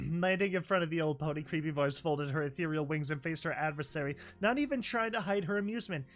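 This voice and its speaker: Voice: mid-range voice, fast talker, faint music behind. A story reader narrating a fan story and breaking off for chatty, joking commentary. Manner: chatty asides, laughs at the story.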